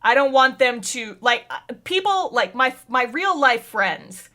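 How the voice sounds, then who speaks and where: A young woman chatting as a podcast co-host, her voice high and bright. She talks in an animated way, laughs often and drops the odd swear word. Relaxed, conversational delivery. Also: measured pace. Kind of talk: casual chat.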